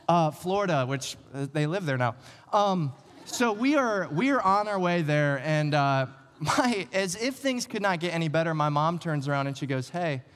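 Man telling a story in an echoing hall. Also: fairly high pitch. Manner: acts out family members' voices, laughs often. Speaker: speaker telling a personal story to an audience. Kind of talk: animated storytelling. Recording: reverberant hall sound.

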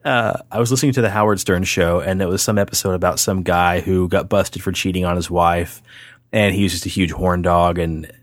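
A man co-hosting a podcast, telling a story in a casual chat, animated and laughing often. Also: low-pitched, brisk, dry recording. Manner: animated, acts out voices in his anecdote, laughs often. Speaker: podcast co-host.

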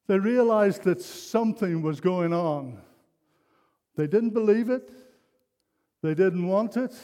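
A man's voice: sits high, lively intonation, takes it slowly, pauses often, dark tone. An older man preaching a sermon, telling a personal story in an earnest, rambling way with many restarts. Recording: long hall reverb.

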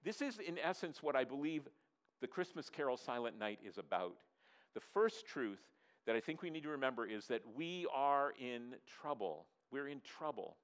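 A man's voice: mid-range voice, lively intonation, moderate pace, clear, resonant tone. Earnest man preaching a sermon. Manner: earnest, repetitive preaching, rising and dropping to near-quiet for emphasis; asks the audience to respond. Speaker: pastor.

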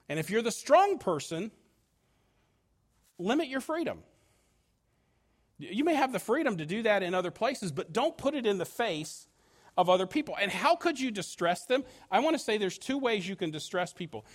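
High-voiced, animated man preaching. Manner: conversational preaching with frequent restarts and ums. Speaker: pastor. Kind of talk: sermon.

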